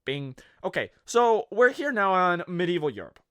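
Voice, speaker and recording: A man's voice: high voice, big pitch swings, moderate pace, a bit bright, clear, resonant tone, dry recording. A man narrating a comedy history video in a sarcastic, jokey way, wandering off into rambling asides. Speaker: video host.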